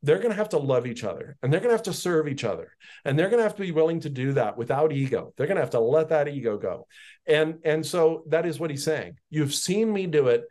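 A man's voice: a little high, animated, fast talker, a little mellow. A man teaching a Bible passage on a podcast in a conversational way, reading verses aloud and then paraphrasing them in his own words. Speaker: pastor.

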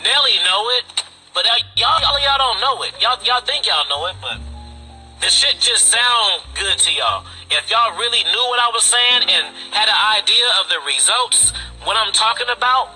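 Swaggering dude, real bright sharp voice, bit of music in the back. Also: male voice, high voice, lively intonation, normal speed, rough recording. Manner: boastful, swaggering, profane street slang. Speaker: podcast host. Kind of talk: casual live-stream monologue.

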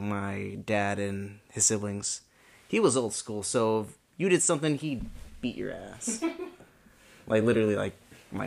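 A man's voice: on the low side, gravelly. A man in his twenties, a podcast co-host chatting casually and rambling, filling his talk with "like". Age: 20s. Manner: rambling, fills speech with "like". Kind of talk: casual chat.

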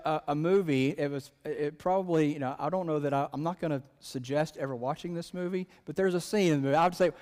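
Pastor preaching in a reverberant hall. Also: male voice, a little high, a little mellow. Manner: conversational, joking asides. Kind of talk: sermon.

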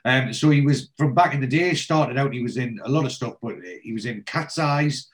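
A man's voice: medium pitch, moderate pace. A man hosting a podcast, recapping an episode in a chatty storytelling way. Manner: chatty, storytelling, acts out scenes. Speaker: podcast host.

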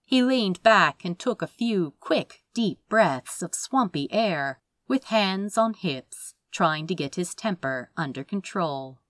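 A woman narrating a fantasy audiobook in a measured, expressive way. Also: fairly low pitch, no echo.

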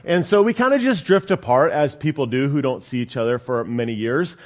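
A man's voice: mid-range voice, brisk. A man from California, a pastor, telling a personal story in a sermon with humor and acted-out voices. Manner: animated storyteller, acts out voices, self-deprecating humor.

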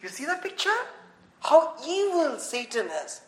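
A Bible teacher leading an informal study, animated and often laughing at their own points, checking in with listeners. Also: very high voice, measured pace. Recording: echoey room.

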